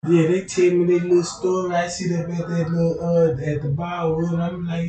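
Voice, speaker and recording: A man's voice: fairly high pitch, little pitch movement, normal speed, hardly any pauses, dark tone. A man telling a rambling comic story, profane and full of slang, often asking his listeners whether they follow him. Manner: profane, slang-heavy, repeats filler questions. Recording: roomy, from far off the mic, faint background noise.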